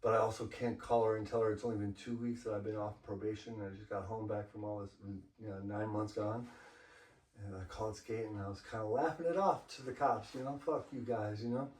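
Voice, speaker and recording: Guest graffiti writer from LA, loose and profane storyteller, heard from across a roomy space. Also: male voice, fairly low pitch, fairly even intonation, a little fast, a little mellow. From Los Angeles. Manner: profane, laid-back storytelling with frequent "you know". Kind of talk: casual storytelling interview. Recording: roomy, mic far off.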